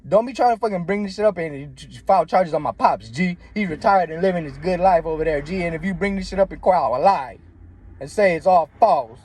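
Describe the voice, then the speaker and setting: A man's voice: fairly quick, a little mellow, breathy edge. A man telling a story from his life in casual, slangy, profane talk, often calling the listener "G" and "bro.". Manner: acts out the quoted voices in a much higher pitch.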